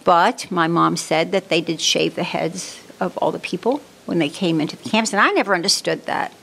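A woman's voice: lowish voice, normal speed, vocal fry, a bit bright, slightly rough. A woman in her seventies, born in Germany and raised in New York, unhurriedly telling her life story as an interview guest. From born in Germany, raised in the Bronx, New York. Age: 70s.

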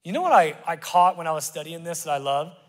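Middle-aged man, pastor, fervent sermon, loud then hushed, slightly high voice, long church reverb. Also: expressive, quick pace. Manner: passionate preaching, swinging from loud to hushed. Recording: live church hall reverb.

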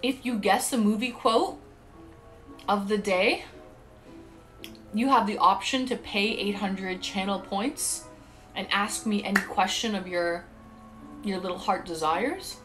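A woman's voice: mid-range voice, a little slow, long pauses, a bit bright, soft background music. A woman streaming live, chatting casually and talking straight to her viewers. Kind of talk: casual livestream chat.

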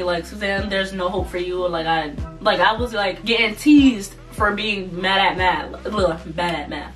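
A young adult woman telling a personal story in a casual, animated vlog, laughing often as she talks. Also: mid-range voice, distant mic. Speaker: vlogger. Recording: voice a bit off-mic, faint music behind.

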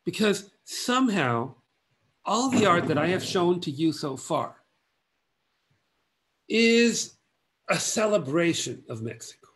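A man giving an illustrated art history lecture in measured, halting phrases broken by long pauses. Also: sits high, big pitch swings, a bit bright.

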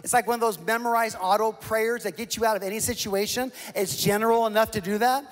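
In a big church hall where his words ring with long reverberation, a high-voiced male pastor preaches at a quick pace. His sermon is a comic story about himself, told with energy and plenty of self-mocking asides.

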